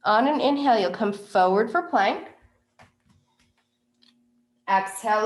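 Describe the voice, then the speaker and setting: A woman teaching a yoga class, giving calm, unhurried cues for poses and breathing. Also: mid-range voice, roomy sound. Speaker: yoga instructor. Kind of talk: guided yoga class instruction.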